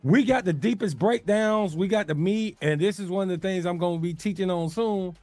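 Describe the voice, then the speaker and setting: A man, animated in a casual talk radio discussion, acting out the voices of people he quotes. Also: high voice, fairly quick, dry recording, soft background music.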